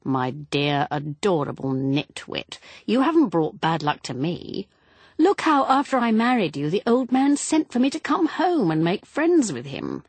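A woman's voice: fairly low pitch, sing-song, unhurried, breathy edge, no room sound, voice pushed up, exaggerated voice. A woman voicing a protective young husband in an audiobook, speaking in a pressing, emphatic way. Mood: coaxing. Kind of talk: audiobook character reading.

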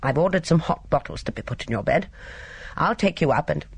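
An audiobook reader voicing a brisk, managing female companion who gives orders, in a husky voice. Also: mid-range voice, lively intonation. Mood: bossy.

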